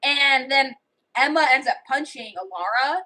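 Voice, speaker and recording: A woman's voice: high-pitched, moderate pace, sharp tone, poor audio. A woman livestreaming, telling a story in a rambling, casual way full of fillers and restarts.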